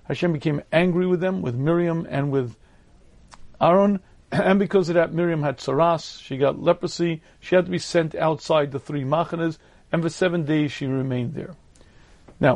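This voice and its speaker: Male Torah lecturer, slightly high voice, dry recording, steady teaching delivery with frequent throat-clearing. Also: no echo. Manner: measured, explanatory delivery.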